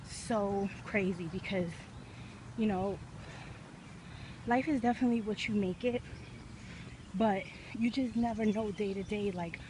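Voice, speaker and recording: A woman's voice: medium pitch, noisy background. A woman vlogging while she walks outdoors, a little out of breath, talking passionately and rambling with lots of fillers. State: a little out of breath from walking uphill. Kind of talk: casual vlog talk. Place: outdoors, walking in hot weather.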